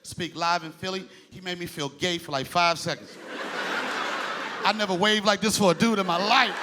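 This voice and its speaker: A male stand-up comedian performing on stage with a loud, animated delivery that breaks into shouts. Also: high-pitched, moderate pace, over a noisy crowd. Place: live comedy stage before an audience. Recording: live audience laughter and room noise.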